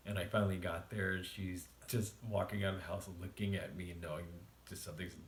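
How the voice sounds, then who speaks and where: Deep-voiced guy keeping it quiet at 2am, laid-back storytime, roomy echoey room w/ faint hiss. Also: flat delivery, fast talker. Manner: quiet, low-key late-night storytelling with frequent laughter. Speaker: vlogger. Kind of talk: casual storytime. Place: room at home at night.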